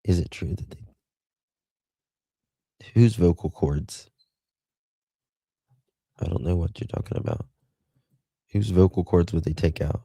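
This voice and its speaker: Middle-aged Southern man, livestream host, low unhurried voice, dry close sound. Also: vocal fry, warm tone, breathy edge, no echo. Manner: chatty, reads viewers' chat aloud with endearments. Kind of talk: casual livestream chat.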